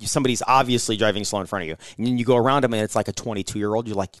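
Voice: medium pitch, racing, hardly any pauses. A podcast co-host in casual chat, agreeable and jokey, chiming in with banter.

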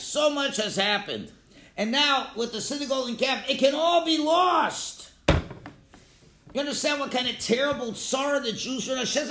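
A man giving a Torah class lecture, animated, calling out his examples loudly. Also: very high-pitched. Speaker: Torah teacher. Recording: echoey room.

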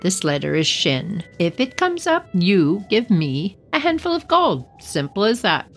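A woman's voice: medium pitch, big pitch swings, a little slow, soft background music. A woman voicing a sly, cheerful male trickster who teases with false sympathy. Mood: coaxing. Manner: sweetly smug, falsely sympathetic.

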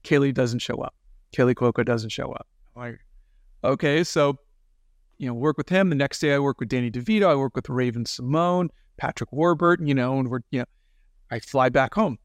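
Animated man telling stories, clear voice. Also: medium pitch, brisk, no room sound, studio quality. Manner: animated anecdotes with quoted voices. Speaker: guest, animator and film director. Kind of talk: casual interview storytelling.

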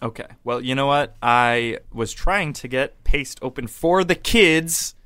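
A man's voice: medium pitch, measured pace, pushed and bright, clean tone, dry recording. A man co-hosting a comedy podcast, improvising a sketch in a meek, hesitant, rambling way.

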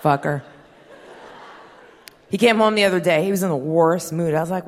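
A woman in her thirties doing a stand-up comedy set, blunt and profane, with sardonic deadpan punchlines. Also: on the low side, a little fast, pauses often. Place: stage before a live audience. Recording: hall reverb and faint hiss.

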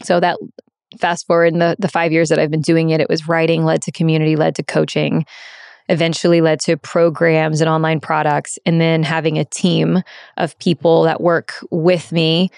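Here the same kind of guest, a US sex and relationship coach in her thirties, reflects openly in an interview and keeps restarting her sentences. She has a low, level, slightly mellow voice with some creak, speaking at a moderate pace in clean studio sound with no echo.

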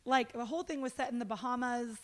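A woman who works as a red carpet interviewer, telling stories in a casual chat, animated and full of "like" and "dude". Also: fairly high pitch, fast talker. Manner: animated storyteller, lots of "like" and "dude".

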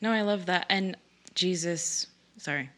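A woman's voice: lowish voice, unhurried, a bit bright. A woman co-hosting a podcast in casual chat, reading listener questions and laughing often. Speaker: podcast co-host.

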